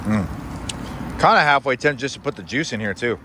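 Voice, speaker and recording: A man's voice: mid-range voice, expressive, a little fast, background noise. A man hosting a cooking vlog from an outdoor kitchen, talking in a laid-back, offhand, wry way as he cooks. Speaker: cooking channel host. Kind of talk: casual cooking vlog talk.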